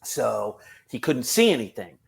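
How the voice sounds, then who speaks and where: A man with an ordinary mid-range voice tells a funny work story on a podcast. He is animated and laughs through his own telling. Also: medium pitch, unhurried, gravelly. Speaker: police officer guest.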